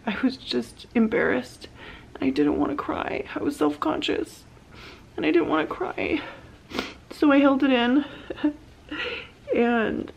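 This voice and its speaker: A woman's voice: a little high, creaky, low-quality recording. A woman in her thirties recording a personal video diary, speaking openly and emotionally, tearful at times. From California. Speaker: vlogger sharing her cancer journey.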